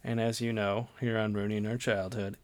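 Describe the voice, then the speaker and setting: A man in his thirties co-hosting a podcast, laid-back and quick to agree. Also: lowish voice, flat delivery, no room sound. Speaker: podcast co-host. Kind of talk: casual chat.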